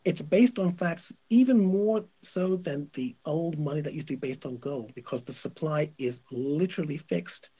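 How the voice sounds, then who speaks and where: A man's voice: on the high side, normal speed, hardly any pauses, warm tone, husky. A male radio host giving opinionated commentary, emphatic and insistent, repeating his points.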